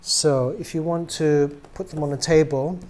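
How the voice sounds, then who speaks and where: Middle-aged man, slightly higher pitch, loose chatty demo delivery, filler-heavy, phrase endings fade soft. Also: unhurried. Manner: relaxed and chatty, many ums, trails off quietly at ends of phrases. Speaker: doll maker demonstrating a product. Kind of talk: casual product demonstration.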